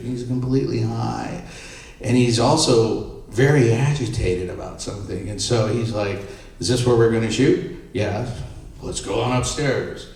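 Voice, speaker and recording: A middle-aged man, a photographer speaking on a panel, telling anecdotes and acting out the voices of the people in them. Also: mid-range voice. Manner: animated, acts out quoted voices. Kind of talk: anecdotal storytelling at a live panel. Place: panel event room. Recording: echoey room, mic far off.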